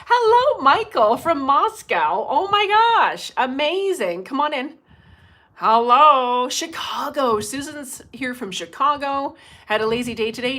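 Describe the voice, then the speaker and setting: A middle-aged woman with a slightly high, somewhat bright voice hosts a casual livestream on her phone. She's chatty, laughs often, and greets viewers by name as they arrive.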